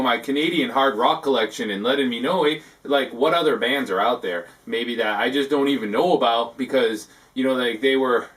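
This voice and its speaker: A man hosting a comic talk segment, rambling and halting, filling his talk with "like" and tacking on "eh". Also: medium pitch, fairly bright tone, recorded from a distance. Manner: halting, full of "like" and tacked-on "eh". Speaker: host of a parody talk segment.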